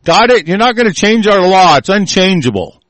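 A man's voice: sits high, very animated, normal speed, no echo. Furious, profane man ranting. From United States. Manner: furious, profane, shouting threats. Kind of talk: angry political rant.

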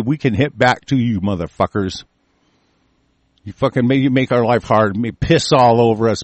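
Heated and foul-mouthed, this American man rants angrily and reads out news items between outbursts, swearing nonstop. His voice is on the low side, captured in a dry recording.

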